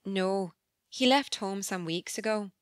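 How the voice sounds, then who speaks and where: A woman's voice: medium pitch, dry recording, clean studio sound, lightly acted. Woman doing a demure, calculating young governess. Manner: soft, demure and measured. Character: young governess, meek on the surface, cunning. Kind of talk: audiobook character voice.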